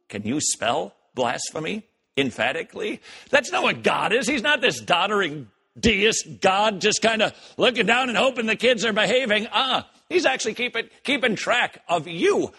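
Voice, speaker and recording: A man hosting a commentary show, reacting to clips with animated, joking asides. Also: high voice, normal speed, slightly rough. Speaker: host.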